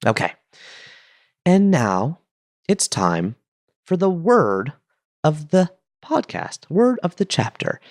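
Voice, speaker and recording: A man's voice: a little high, huge pitch swings, slow pace, long pauses, darkish tone, no echo. A man hosting a podcast, chatting enthusiastically with playful asides into a close mic. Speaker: podcast host. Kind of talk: casual podcast monologue.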